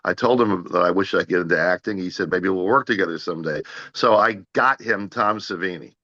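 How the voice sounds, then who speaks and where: A middle-aged man with a low but bright, forceful voice, recounting stories as an interview guest. He stammers and restarts often and acts out what others said. The audio is muffled and lo-fi. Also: brisk. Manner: animated anecdotes, acts out others' lines, frequent stammered restarts. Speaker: actor guest. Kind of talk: casual interview storytelling.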